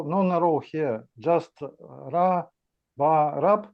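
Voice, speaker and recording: A man asks careful questions in a language class, halting often and filling gaps with "uh". He speaks slowly in a somewhat high voice. His audio comes through dull and muffled. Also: gravelly. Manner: halting, with many "uh" pauses. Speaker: language student.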